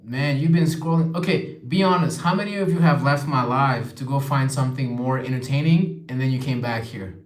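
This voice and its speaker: A man's voice: medium pitch, normal speed. A young man hosting a casual livestream, reading viewer comments aloud and replying in a chatty way. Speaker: livestream host. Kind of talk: casual live-stream chat. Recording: echoey room.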